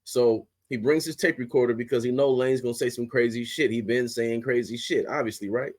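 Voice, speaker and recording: A young man rants as a sports podcast host, cussing freely and pushing his voice up when he gets worked up. His pitch sits in an ordinary middle range, and his delivery is blunt and heated throughout. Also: steady tone, brisk, darkish tone. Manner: heated, blunt, heavy swearing, rising to outbursts. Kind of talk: profane ranting commentary.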